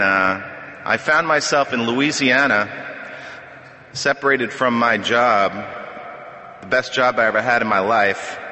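A man's voice: on the low side, bright, forceful tone. A middle-aged man sharing his personal story at a recovery meeting podium, telling it conversationally with self-deprecating humor. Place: meeting hall. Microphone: podium microphone. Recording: echoey hall with long reverb.

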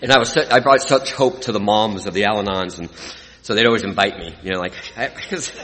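Deep-voiced man testifying in a reverberant hall. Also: quick pace. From California. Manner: earnest, emotional, swings from hushed to lively. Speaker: recovery speaker. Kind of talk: personal testimony to an audience. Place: hall with a live audience.

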